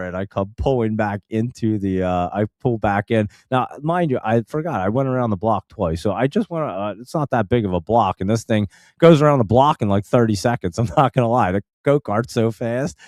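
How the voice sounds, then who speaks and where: Guy rambling thru a story, lotta "like"s, lowish mellow voice, dry sound. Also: normal speed, dry recording. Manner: rambling, full of "like" and restarts. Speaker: stock channel host. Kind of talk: casual storytelling.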